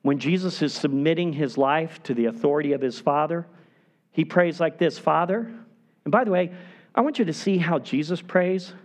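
A man preaching a sermon as a pastor, with emphatic delivery that falls to hushed, quiet stretches for emphasis. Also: on the high side, normal speed.

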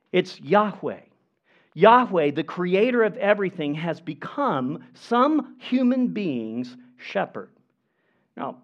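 A pastor preaching a sermon in an earnest, emphatic way, with measured pauses. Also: male voice, on the high side. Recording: dull lo-fi recording.

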